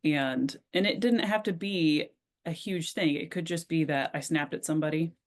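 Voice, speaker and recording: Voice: mid-range voice, moderate pace. Give me a reflective, hesitant podcast co-host in casual conversation.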